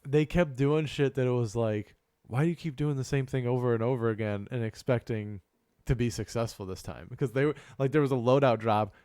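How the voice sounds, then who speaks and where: Male podcast co-host, casual and profane, mid-pitched, dry close mic. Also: brisk, clean tone, dry recording. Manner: swears often, acts out shouting gamers. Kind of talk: casual chat.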